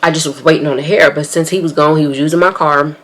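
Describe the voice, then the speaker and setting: A woman's voice: deep voice, fairly even intonation, quick pace, a bit bright. A young woman with an African American English accent telling a story time to her viewers while doing her makeup, talking casually to them as y'all. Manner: chatty, talks straight to viewers as y'all. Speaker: beauty vlogger telling a story. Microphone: camera on tripod.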